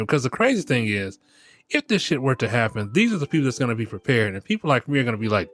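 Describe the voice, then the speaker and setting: A man's voice: medium pitch, quick pace, soft background music. A middle-aged man hosting a podcast in a casual comic monologue, laughing often, swearing freely and talking straight to his listeners. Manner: animated, laughing, profane, talks to listeners as y'all. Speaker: podcast host.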